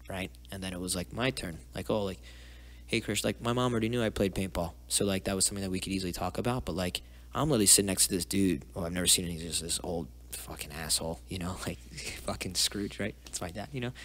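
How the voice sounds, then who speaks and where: A young man, a podcast guest, telling a personal story in a rambling, profane way and dropping into hushed asides. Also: sits low, a little fast. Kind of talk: casual storytelling interview.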